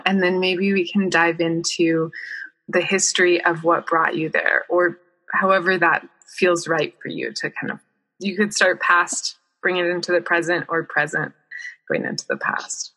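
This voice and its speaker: A woman's voice: lowish voice, steady tone, measured pace. A woman hosting a podcast, introducing and interviewing a guest with effusive, heartfelt praise. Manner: warm, effusive praise with soft asides. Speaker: podcast host.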